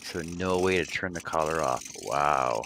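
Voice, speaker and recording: Deep-voiced joking man, lively pitch. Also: unhurried, gravelly, noisy background. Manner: laughs often, jokey. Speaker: livestream host. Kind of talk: casual chat reading viewer comments.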